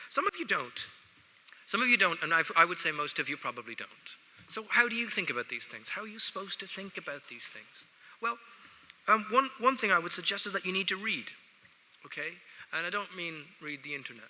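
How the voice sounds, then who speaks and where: An Irish man with a sharp, rather high voice gives a joking, wry speech to students at an award ceremony. He speaks directly to the audience from a lectern in a large ceremony hall, and the recording echoes.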